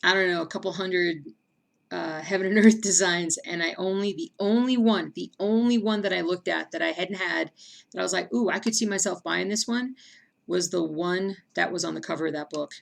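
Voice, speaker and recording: A woman hosting a casual livestream chat, reading viewer comments aloud between bursts of excitement. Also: fairly low pitch, moderate pace, creaky. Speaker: stream host.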